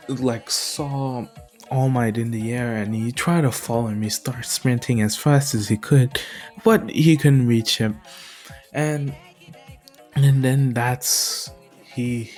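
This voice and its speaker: Slow, rambling man retelling a story. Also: mid-range voice, darkish tone. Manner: rambling, with frequent restarts and sighs. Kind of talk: casual retelling of a fan story.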